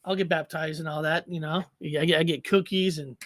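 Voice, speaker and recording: A man's voice: on the high side, fairly even intonation, a little fast, fairly bright tone, no echo. A man in casual podcast chat, rambling with lots of repeated words and frequent laughs.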